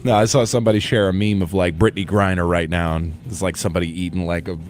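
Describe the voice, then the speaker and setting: A man's voice: low-pitched, fairly even intonation, quick pace, slight background noise. A man hosting a morning radio show, chatting casually and telling stories with frequent laughter. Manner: chatty storyteller, laughs often.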